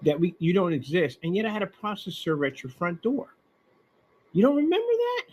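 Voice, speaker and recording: A man with a husky, slightly high voice rants with biting sarcasm. He talks straight at his target and repeats words with scorn. His pitch swings wide as he mocks. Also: sing-song, fairly quick, rough recording. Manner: mocking, sarcastic, with scornful repetition; talks straight at the person he is ranting about. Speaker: online seller ranting about a customer. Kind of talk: ranting commentary over emails and receipts.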